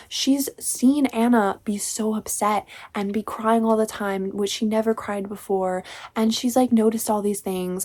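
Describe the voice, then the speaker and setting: Breathy young woman ranting a book review. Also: mid-range voice. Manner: sarcastic, exasperated, with dropped whispered asides.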